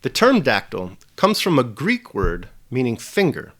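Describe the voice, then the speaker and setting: A man presenting a scripted video lesson with a measured, emphatic delivery. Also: medium pitch, wildly swooping pitch, a bit bright. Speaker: teacher.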